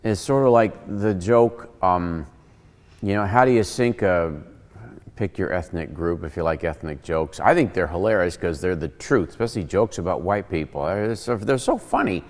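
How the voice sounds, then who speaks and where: A man's voice: low-pitched, moderate pace, long reverb tail. A man hosting a casual Bible teaching show, joking and acting out quotes as he explains. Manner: animated, joking, acts out quotes.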